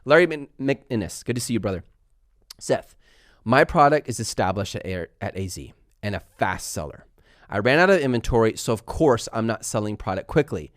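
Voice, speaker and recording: A young man hosting a live stream, chatting fast and laughing as he answers viewer questions. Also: on the low side, big pitch swings, dry recording, studio quality. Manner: fast-talking. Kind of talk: live Q&A chat.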